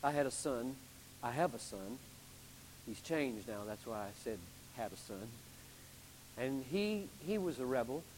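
A man pastor delivering a sermon with emphatic preaching, building to loud climaxes and then dropping low. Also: lively intonation, measured pace, pauses often, big-room sound, a little hiss or hum, poor audio.

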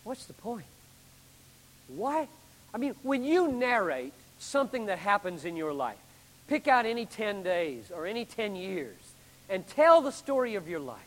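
A man pastor delivering a sermon with emphatic preaching, building to loud climaxes and then dropping low. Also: big pitch swings, unhurried, long reverb tail, rough recording.

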